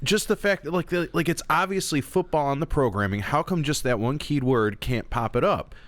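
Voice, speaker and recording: A man co-hosting a sports podcast, rambling through stats in a relaxed, easygoing way. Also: a little high, brisk, no echo. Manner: rambling, restarts sentences, relaxed. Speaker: podcast co-host. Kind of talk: casual sports podcast chat.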